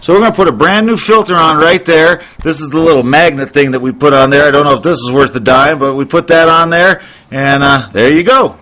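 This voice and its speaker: A man's voice: on the high side, a little fast, bright, forceful tone, poor audio. A man hosting a motorcycle webcast, telling a rambling story and showing repair steps in a casual way. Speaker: host. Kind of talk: casual how-to chat and storytelling.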